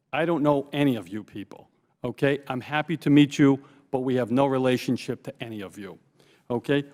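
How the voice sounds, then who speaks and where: A man giving formal testimony as a forensic investigator, emphatic and deliberate, repeating key points slowly for stress. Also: mid-range voice, darkish tone. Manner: emphatic, slow repetitions for stress. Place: congressional hearing room. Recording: long reverb in a hearing room.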